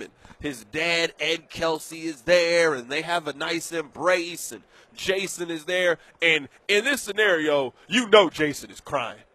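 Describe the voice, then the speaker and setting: A man hosting a sports radio show, delivering an animated, emphatic, joking monologue from a studio. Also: a little high, no echo.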